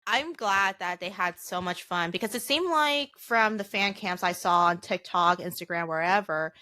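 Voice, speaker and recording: Young woman co-host, bright voice, dry close mic, laughs a lot and reacts warmly. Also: on the low side, moderate pace, no echo. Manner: warm reactions, laughs often. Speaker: podcast co-host. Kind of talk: casual chat.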